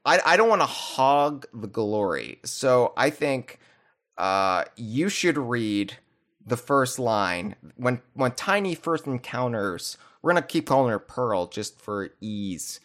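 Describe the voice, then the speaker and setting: A man's voice: mid-range voice, animated, slow, fairly bright tone. A man hosting a podcast, chatting casually in rambling, joking runs with restarts. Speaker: podcast host. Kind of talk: casual chat.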